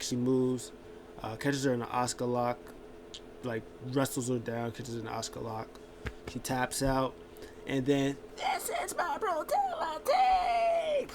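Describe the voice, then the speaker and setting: Male vlogger, mid-pitched, casual recap, rambling, faint background hiss. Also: darkish tone. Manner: rambling, many filler words and restarts. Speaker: wrestling show recap vlogger.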